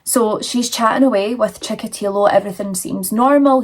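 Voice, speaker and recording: A woman's voice: mid-range voice, moderate pace. A woman telling true crime stories in a chatty, dramatic way with frequent fillers, talking casually while she does her makeup and feels cold.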